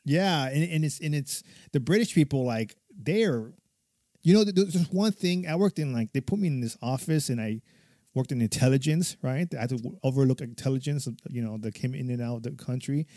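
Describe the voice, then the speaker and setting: A man's voice: mid-range voice, animated, fairly quick, dark tone, no room sound, clean studio sound. A military veteran talking casually, rambling and swearing a lot, laughing often as he tells stories. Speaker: podcast guest or co-host, military veteran. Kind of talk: casual conversation, personal stories.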